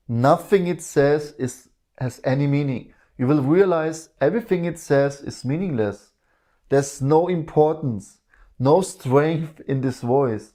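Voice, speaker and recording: A man with a mellow, warm voice gives a reflective spiritual talk. He speaks calmly and keeps asking rhetorical questions. His pitch sits in the ordinary middle range. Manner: calm, with many rhetorical questions. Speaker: spiritual teacher.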